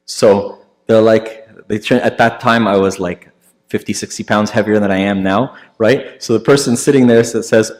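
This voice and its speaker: A priest telling a story in a sermon. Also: male voice, steady tone, normal speed. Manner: conversational, many fillers and restarts; acts out quoted voices louder and higher.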